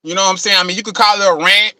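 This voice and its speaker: A man with a very high, sharp, bright voice delivers an impassioned motivational rant, thick with profanity. He keeps circling back to "man" and "you know what I'm saying." The recording is close and dry. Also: fairly even intonation, racing, no room sound. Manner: calls himself passionate, gets things off his chest.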